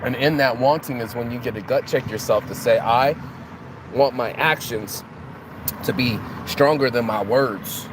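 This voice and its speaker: Outdoors with clear traffic noise behind him, a motivational vlogger gives a loose, preachy monologue at a middle pitch and measured pace. He asks rhetorical questions and repeats and restarts words.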